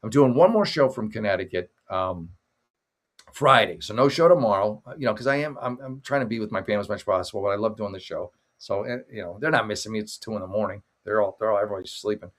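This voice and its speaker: A man's voice: fairly low pitch, quick pace. A middle-aged man hosting a late-night livestream from his father's home office on a makeshift mic, rambling and joking as he thanks viewers by name. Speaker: livestream show host. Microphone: makeshift desk mic setup.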